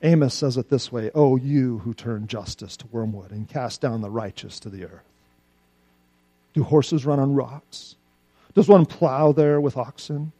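A man preaching a sermon, swinging between loud, pleading outbursts and quiet, low asides. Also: husky, dry recording. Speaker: pastor.

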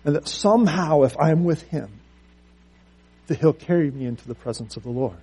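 A man's voice: a little high, moderate pace, darkish tone, slightly rough. A man preaching a sermon, earnest and story-driven, often repeating words as he restarts.

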